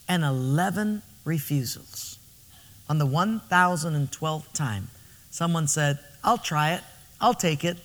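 A male pastor preaches with emphatic, animated storytelling. His voice is high and sharp-edged. The church hall adds a long reverb to every line. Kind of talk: sermon.

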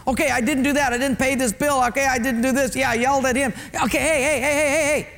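A man's voice: very high-pitched, steady tone, quick pace, big-room sound, voice pushed up. A man putting on an exasperated, whiny husband. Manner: loud, whiny, repetitive pleading. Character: defensive, exasperated husband brushing off blame.

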